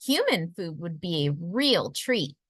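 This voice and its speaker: A woman's voice: lowish voice, very animated, takes it slowly, breathy edge, no echo, clean studio sound, pitched below the performer's own voice, exaggerated voice. A woman voicing a tiny, polite female mermaid-like sea creature in a storybook read-aloud, prim and a little dramatic.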